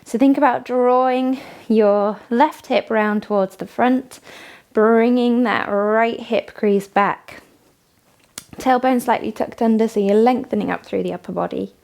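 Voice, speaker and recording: A woman leading a morning yoga class, giving calm step-by-step cues and frequent praise. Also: a little high, unhurried, creaky. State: has the hiccups. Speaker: yoga instructor. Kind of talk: guided yoga class instruction.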